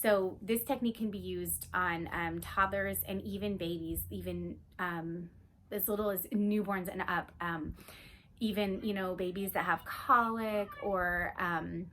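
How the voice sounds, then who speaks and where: Bright-voiced woman giving soft calming tips. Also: lowish voice, unhurried, a little hiss or hum. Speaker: educator giving calming tips for young children. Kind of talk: casual instructional talk to camera.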